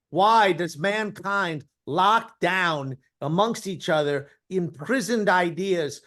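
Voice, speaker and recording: Man, podcast co-host, high voice, grandiose rambling, mock-wise. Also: fairly bright tone. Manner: grandiose, mock-philosophical, jokey. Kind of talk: rambling comic monologue.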